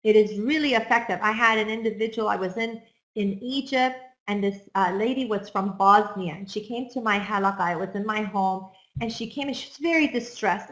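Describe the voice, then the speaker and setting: Woman counselor, fairly high voice, earnest and encouraging, addresses the audience, echoey room. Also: a bit bright. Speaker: counselor speaking on self-esteem. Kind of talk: talk to an audience.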